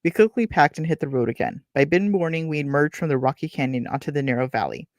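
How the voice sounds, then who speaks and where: A woman's voice: deep voice, expressive, fast talker, no echo, studio quality. A woman reading a novel aloud, breaking off for chatty, wry asides and correcting her own slips. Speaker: book reader and streamer. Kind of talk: reading aloud with casual commentary.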